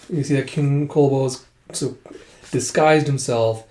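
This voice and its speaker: Man, casual comic recap, loose filler-heavy talk, echoey room, mid pitch. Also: fairly even intonation, measured pace, warm tone. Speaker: comic reader. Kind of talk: casual retelling of a comic chapter.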